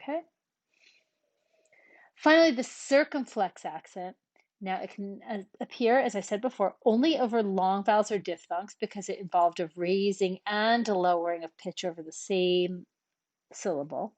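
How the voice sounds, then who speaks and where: A woman talks through a language lesson at an unhurried pace. She explains patiently, one step at a time, and pauses on frequent ums. Her voice sits at a middle pitch and is recorded close and dry. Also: darkish tone, dry recording. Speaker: language teacher. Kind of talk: relaxed classroom explanation.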